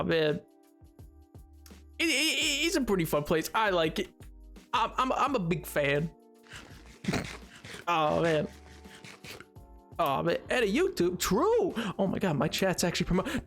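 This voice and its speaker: A man's voice: high voice, a bit bright. A man streaming a game, chatting with his viewers in a jokey, self-mocking way, laughing a lot. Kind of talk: casual live-stream chatter.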